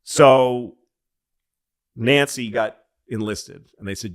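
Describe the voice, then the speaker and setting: A man on a comedy podcast telling a long rambling story in casual chat, profane and loose, breaking into loud excited bits. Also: fairly low pitch, normal speed. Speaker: podcast co-host.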